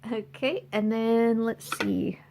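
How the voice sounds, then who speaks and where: A woman vlogging at home beside her birdcages, chatting playfully and cooing at her pet birds in a high, sing-song voice. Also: steady tone, slow pace, darkish tone, slight background noise. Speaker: bird owner and vlogger.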